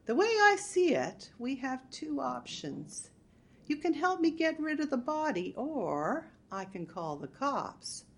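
A woman's voice: sits high, big pitch swings, takes it slowly, voice pushed up, exaggerated voice. A woman voicing a brash, gleefully unhinged middle-aged housewife, bossy and chirpy. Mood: sweetly scheming.

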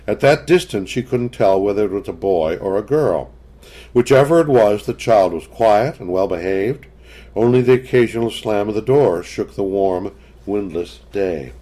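A man narrating a story in measured, scripted storytelling. His voice moves freely up and down, giving the reading an animated shape. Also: fairly low pitch.

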